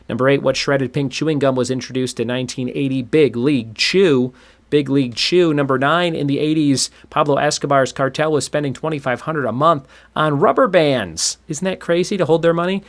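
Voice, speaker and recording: A man hosting a solo trivia podcast, reading out questions and answers in a chatty way and laughing at his own jokes. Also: medium pitch.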